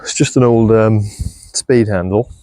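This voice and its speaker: A man chatting casually while he shows his farm and garden, relaxed and self-deprecating, with a clip-on mic. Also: fairly low pitch, unhurried, no room sound. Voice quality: gravelly. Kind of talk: casual walk-and-talk vlog. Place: outdoors on a farm and in a polytunnel. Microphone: clip-on mic on clothing.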